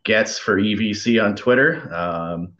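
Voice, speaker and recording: A man's voice: fairly low pitch, a little slow, noisy background. Profane, rambling man in a roomy, dull recording. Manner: profane, rambling, acts out exasperated quotes. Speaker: podcast guest. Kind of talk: casual podcast chat.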